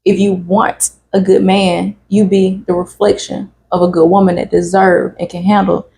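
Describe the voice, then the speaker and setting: A woman with a gravelly voice speaks as a guest in a casual spiritual talk. She gives earnest advice and keeps coming back to the same point. A faint noise sits underneath the recording. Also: mid-range voice, little pitch movement, moderate pace, dark tone. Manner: earnest, repeats "you be it".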